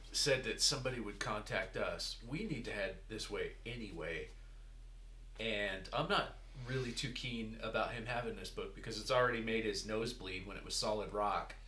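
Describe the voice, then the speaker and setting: A man's voice: lowish voice, pushed and bright, echoey room, slight background noise. A man playing in a tabletop game, talking in a laid-back, joking way. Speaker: player. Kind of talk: casual tabletop game banter.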